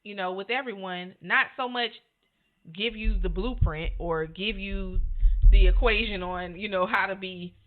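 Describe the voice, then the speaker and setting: A woman's voice: mid-range voice, a little slow. A woman co-hosting a podcast with her husband, speaking earnestly and with animation, often saying "you know". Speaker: podcast co-host. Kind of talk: casual conversation. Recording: phone-like narrow sound.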